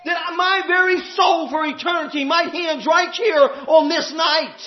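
A man preaching a sermon, impassioned and shouting at times, drawing out emphatic phrases. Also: very high voice, fairly even intonation, a little slow, slight background noise. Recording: echoey, dull hall recording.

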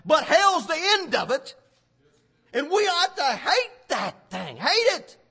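A preacher man delivers a fervent sermon and hits certain words with sudden loud force. His voice sits very high with a bright edge, and his pitch swoops widely from phrase to phrase. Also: big pitch swings, takes it slowly, creaky.

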